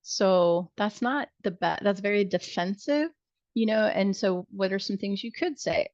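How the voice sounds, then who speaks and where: A woman's voice: medium pitch, moderate pace, no echo. A middle-aged woman teaching nursing students in a conversational way, acting out sample dialogues. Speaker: nursing instructor. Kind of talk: recorded video-call lecture. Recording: dull lo-fi video call audio.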